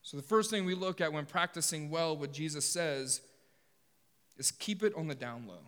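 A man preaches to his congregation in a sermon, speaking with energy and dropping in jokes with the people in front of him. His voice sits a little high for a man. The sound rings out with the long reverb of a big hall. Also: normal speed. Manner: animated, joking asides with the congregation. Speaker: pastor.

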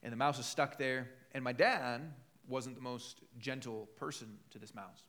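A man's voice: mid-range voice, steady tone, moderate pace, fairly bright tone. A man preaching a sermon in a conversational, storytelling way, acting out quoted voices. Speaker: pastor.

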